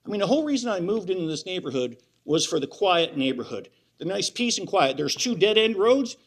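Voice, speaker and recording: A man speaking up at a county hearing, his voice pitched high and strained with agitation. He is worked up and insistent, hammering the same points again and again. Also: big pitch swings, a little fast. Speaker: resident giving public comment. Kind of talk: public comment at a county hearing.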